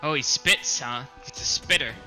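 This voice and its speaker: A man playing a tabletop game, excitable and quick to laugh and cry out. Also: medium pitch, faint music behind. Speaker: player. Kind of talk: casual tabletop play.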